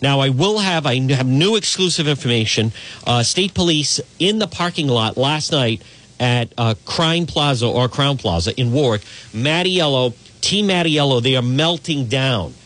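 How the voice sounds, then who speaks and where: A man's voice: medium pitch, animated, normal speed, fairly bright tone. A man hosting a live call-in talk radio show, rambling and digressing as he chats.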